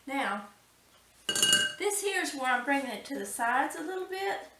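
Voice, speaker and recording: A woman's voice: sits high, very animated, normal speed, reverberant, far from the mic, very noisy. A woman hosting a cooking channel, talking through a recipe step by step and exclaiming with delight.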